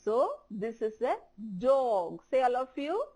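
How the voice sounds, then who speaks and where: A woman teacher with an Indian English accent giving a televised primary-school English lesson, speaking slowly and repeating words for children to copy. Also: a little high, big pitch swings, mellow.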